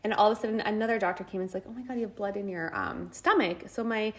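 A woman co-hosting a podcast, telling a personal story in casual chat, animated, acting out quotes and laughing as she goes. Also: mid-range voice, racing. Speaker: podcast co-host.

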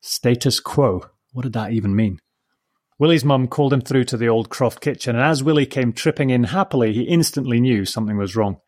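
A man reading a children's story aloud in a gentle, measured way, softly giving voice to the dialogue. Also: medium pitch. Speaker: narrator. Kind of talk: storybook narration.

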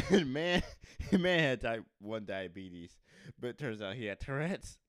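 A man's voice: medium pitch, animated, unhurried, a bit bright, clear, resonant tone, no room sound, clean studio sound. A man in casual chat as a podcast co-host, rambling and joking, often laughing.

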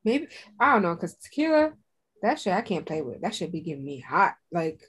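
Husky woman cohost goofing around, voice swinging all over, slangy and loud. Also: on the low side, big pitch swings. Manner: loud, playful, slangy, quick to exclaim. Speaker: podcast co-host. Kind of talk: casual chat.

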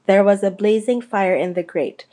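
A woman narrating a storybook chapter in a steady, unhurried reading voice. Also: mid-range voice. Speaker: audiobook reader.

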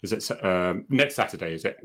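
A man's voice: fairly low pitch, expressive, quick pace, sharp tone, breathy edge. A man co-hosting a live online chat in a joking, chatty way, easily flustered by technical trouble. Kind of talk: casual live-stream chat.

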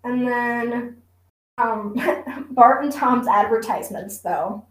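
A young woman with a high, slow, unhurried voice recaps a TV episode in casual chat, giggling and trailing off with fillers. Her voice rings in a roomy, echoey space. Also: a bit bright. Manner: giggly, drawn-out, lots of fillers. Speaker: podcast co-host. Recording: roomy echo.

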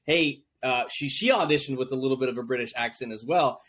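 A man's voice: mid-range voice, fast talker, fairly bright tone. A man hosting a podcast interview, chatting casually, teasing his guests and laughing often. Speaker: podcast host.

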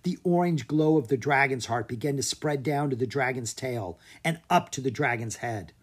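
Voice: medium pitch, moderate pace, slightly rough. An audiobook narrator reading a children's adventure story aloud, giving each character a voice.

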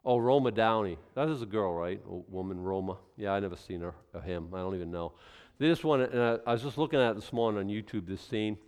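Smooth-voiced pastor, conversational sermon. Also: male voice, lowish voice, quick pace, few pauses, darkish tone. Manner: conversational, rambling, with acted asides.

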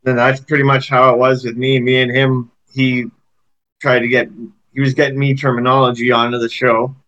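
A man's voice: mid-range voice, flat delivery, moderate pace, fairly bright tone. A man with a Canadian accent hosting a podcast, easygoing and asking short questions. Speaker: podcast host. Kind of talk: casual interview chat. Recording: dull lo-fi sound.

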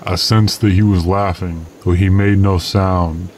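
A man reading an old adventure tale aloud as first-person narrator, in a measured, steady manner. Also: low voice, slight background noise, poor audio.

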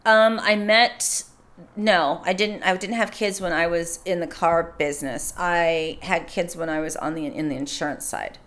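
A mother in her forties talking openly and warmly about raising her children, in a casual podcast conversation. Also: lowish voice, steady tone. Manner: open, heartfelt storytelling, quick to laugh. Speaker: podcast guest. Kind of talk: casual chat.

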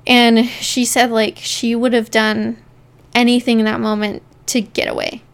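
A woman's voice: a little high, level tone, a little slow, gravelly, clear, resonant tone. A woman co-hosting a podcast, casually telling a true-crime story and often saying "like" as she goes. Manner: chatty, leans on "like" while narrating.

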